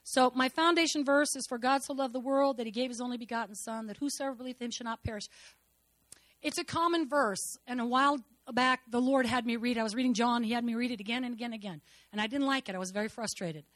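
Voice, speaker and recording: A woman in her fifties giving a personal testimony in church, telling stories dramatically and swinging between soft and loud. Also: fairly high pitch, fast talker, no room sound.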